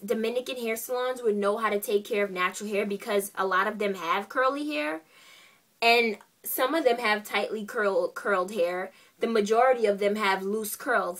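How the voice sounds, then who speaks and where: A young woman vlogger telling a story in a casual, animated and exasperated way, full of "like"s and acted-out quotes. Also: on the high side, far from the mic.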